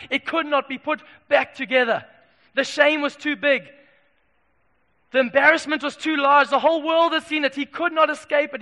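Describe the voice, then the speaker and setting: A man preaching a sermon in a church, swinging from emphatic declarations to quiet asides. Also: very high-pitched. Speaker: pastor. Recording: long hall reverb.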